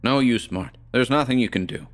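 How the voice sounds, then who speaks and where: A man's voice: medium pitch, normal speed, voice pushed up, lightly acted. A man voicing a haggard, secretive young actor who answers brusquely and defensively. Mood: evasive.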